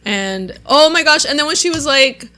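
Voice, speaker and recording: A woman's voice: high voice, lively intonation, normal speed, bright, forceful tone. A young woman hosting a podcast, chatting casually, full of "like" and laughs. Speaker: podcast host. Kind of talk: casual chat.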